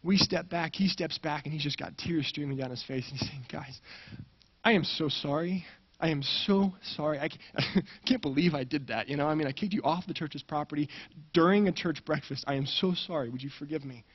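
A man's voice: fairly high pitch, brisk, husky, dull audio. A man preaching a sermon, telling a personal story and acting out the dialogue with energy.

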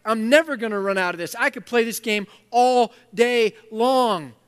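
God as an emphatic, fatherly figure, voiced by a man preaching. The voice is high and pushes hard on its words. A long reverb trails after it in a big hall. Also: lively intonation, unhurried, fairly bright tone. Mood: delighted. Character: God as a loving, demanding father.

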